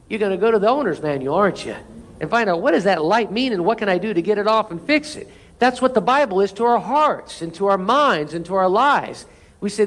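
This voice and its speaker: Pastor, male, high tenor voice; earnest sermon delivery, prompts the congregation to repeat lines. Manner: earnest, leads congregation in call-and-response. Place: church sanctuary.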